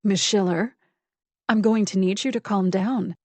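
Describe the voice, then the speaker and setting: Narrator doing cool smooth lady dean, condescending, measured, mid pitch. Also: darkish tone, no room sound, lightly acted. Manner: measured and reasonable. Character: smooth, calm, condescending woman college dean.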